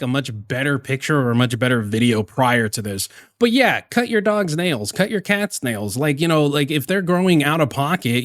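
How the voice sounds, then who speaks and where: A man's voice: a little high, no room sound, clean studio sound. A man giving casual, rambling commentary while reacting to a stream clip, with some swearing.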